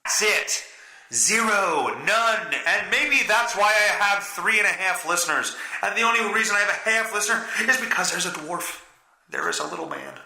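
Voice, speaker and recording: A man's voice: high-pitched, sing-song, moderate pace, sharp tone, reverberant, rough recording. A man with a stuffy nose hosting a solo podcast, rambling, swearing and mocking himself. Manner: rambling, profane, self-mocking. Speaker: podcast host.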